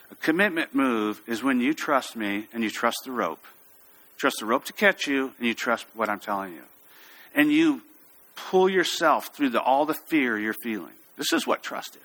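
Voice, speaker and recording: A man preaching a sermon, telling a story with lively, acted-out quotes. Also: mid-range voice, moderate pace. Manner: storytelling, animated, acts out quotes. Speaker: pastor.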